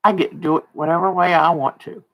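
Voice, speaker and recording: On a relaxed livestream, a woman in her sixties who teaches quilting talks chattily, laughs a lot, and yawns now and then from mild tiredness. She speaks fast in a low, steady tone over dull audio.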